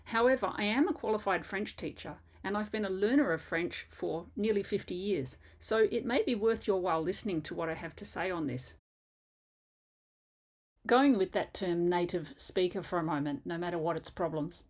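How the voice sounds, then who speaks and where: An older woman with a somewhat low voice explains French pronunciation in a patient, careful way. She is a native English speaker and a qualified teacher, and she slows down to spell words out letter by letter. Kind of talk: pronunciation lesson video.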